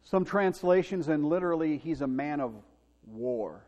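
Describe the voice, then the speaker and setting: A man preaching a Sunday sermon, telling a story in an animated way and acting out the quoted lines with shouts. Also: moderate pace, lo-fi sound. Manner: animated, acts out quotes with big shouts and pitch jumps. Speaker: pastor. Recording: long hall reverb.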